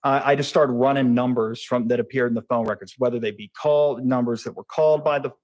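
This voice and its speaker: A man, a police investigator, testifying in a courtroom, talking quickly and rambling with many fillers and self-corrections. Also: mid-range voice, fairly even intonation, darkish tone.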